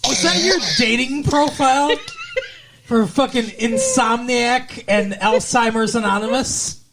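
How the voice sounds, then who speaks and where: A woman's voice: a little high, a little slow, background noise. A woman co-hosting a podcast, recapping a TV episode in casual chat, sarcastic and teasing, swearing and laughing often. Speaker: podcast co-host.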